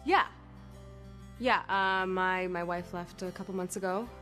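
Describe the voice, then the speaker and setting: A woman's voice: fairly low pitch, measured pace, a bit bright, soft background music. A woman playing a washed-up man who climbed a mountain in a cauldron, rambling awkwardly in a comedy sketch. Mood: forced cheer. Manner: awkward, rambling, trying to sound upbeat.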